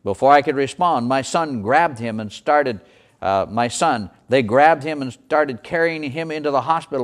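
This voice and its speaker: A man delivers a sermon story in the first person. His voice sits a little high, and he tells the tale dramatically, leaning into the tension. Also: moderate pace. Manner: dramatic storytelling, voicing the characters.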